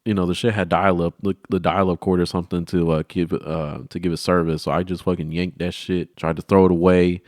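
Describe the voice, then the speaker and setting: Young man, low voice, profane, rambling storyteller, dry close sound. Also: little pitch movement, fairly quick, few pauses, a little mellow, no room sound. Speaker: vlogger. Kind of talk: comedic storytelling.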